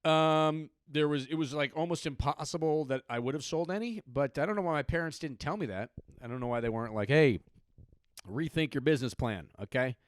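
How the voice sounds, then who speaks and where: A man's voice: fairly high pitch, fast, few pauses, clear, resonant tone, no room sound, studio quality. A man from California doing a comedic podcast monologue, rambling and sardonic, with lots of swearing. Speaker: podcast host.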